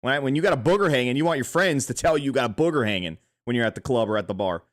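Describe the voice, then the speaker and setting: A man co-hosting a sports podcast, talking in a casual, animated way with frequent swearing. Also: mid-range voice, racing. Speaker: podcast co-host.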